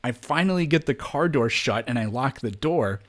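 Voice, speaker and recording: A man's voice: mid-range voice, animated, normal speed. A man on a podcast telling a long story in casual chat, rambling and swearing freely, jumping into raised voices to act out other people. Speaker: podcast co-host.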